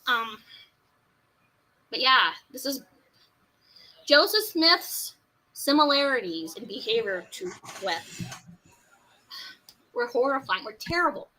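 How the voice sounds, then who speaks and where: High, bright, impassioned woman. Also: lively intonation, unhurried, pauses often, slight background noise, poor audio. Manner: impassioned, swings from quiet to shouting. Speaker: guest. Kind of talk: emotional personal testimony.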